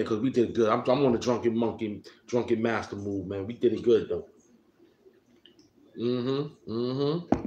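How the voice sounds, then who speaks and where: A man hosting a casual live stream, talking in a laid-back, rambling way at a middling pitch. His voice carries a noticeable room echo. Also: a little hiss or hum. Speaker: stream host.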